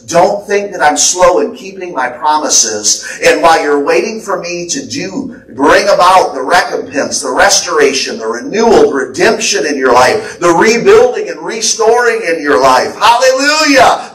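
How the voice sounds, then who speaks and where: A man's voice: on the high side, fairly bright tone. Fervent preaching man, echoey church. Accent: American. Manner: fervent preaching, relaying prophetic words. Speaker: pastor. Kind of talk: sermon. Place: church sanctuary. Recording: echoey church hall, voice from a distance.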